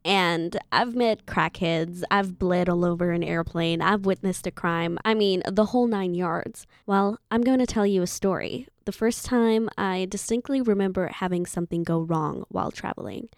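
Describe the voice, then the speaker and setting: A woman's voice: fairly low pitch, moderate pace, hardly any pauses, no room sound, clean studio sound. A young woman in her twenties from Zimbabwe, telling a personal story in a chatty, playful way with asides to the listener. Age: 20s. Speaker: vlogger. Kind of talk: casual storytelling.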